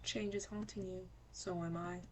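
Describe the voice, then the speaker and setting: A woman's voice: on the low side, fairly even intonation, a little hiss or hum, lightly acted. A woman reading a cryptic, menacing stranger. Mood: ominous. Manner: cryptic, measured, quietly menacing. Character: ominous mysterious stranger at the door. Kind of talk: reading game dialogue aloud.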